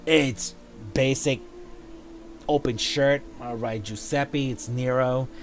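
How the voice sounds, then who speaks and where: Slow-talking chatty male host. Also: mid-range voice, fairly even intonation, soft background music. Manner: chatty, playful, drops into quick asides. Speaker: show host. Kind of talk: casual chat reviewing event items.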